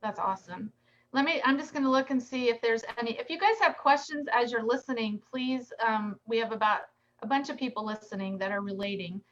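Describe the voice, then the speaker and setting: Bright upbeat woman host, lo-fi sound. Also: on the high side, fairly quick. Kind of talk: casual chat. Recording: dull lo-fi sound.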